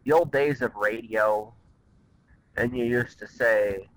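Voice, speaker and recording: A man co-hosting a podcast in casual chat, excitable and giggly, talking on a cell phone. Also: medium pitch, takes it slowly, rough recording. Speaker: podcast co-host.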